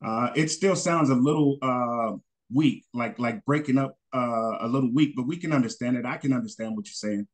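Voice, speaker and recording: A man from North Carolina answering a question in an online class, halting with many fillers and restarts. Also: medium pitch. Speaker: assistant teacher.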